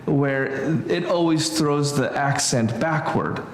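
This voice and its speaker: A man's voice: a little high, slow pace, roomy sound, slight background noise. Man teaching a hesitant Greek class. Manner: thinks aloud with many fillers and restarts. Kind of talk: informal church class lesson. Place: church classroom.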